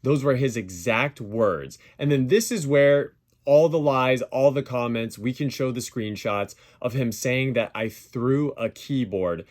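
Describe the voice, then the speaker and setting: A YouTuber responding to a dispute comments over clips, rebutting claims point by point in a defensive, emphatic way. His voice is medium-pitched, and he speaks at a measured pace with few pauses.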